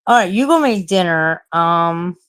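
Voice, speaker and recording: A woman's voice: fairly low pitch, lively intonation, unhurried, fairly bright tone, clear, resonant tone. A woman in her forties chatting casually on a late-night live stream, rambling, swearing a lot and laughing at herself. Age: 40s.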